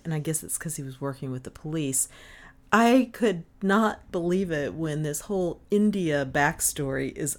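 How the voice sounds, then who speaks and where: A woman casually gushing about a book she has just read aloud. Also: deep voice. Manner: gushing, enthusiastic. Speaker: audiobook reader.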